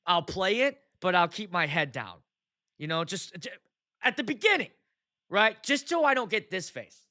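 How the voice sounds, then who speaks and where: A man hosts his own show and tells stories from wedding gigs in a loose, animated way, laughing often and acting out the crowd. His voice sits a little high and sounds bright. The recording is close and dry. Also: moderate pace, no echo. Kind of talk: casual storytelling chat.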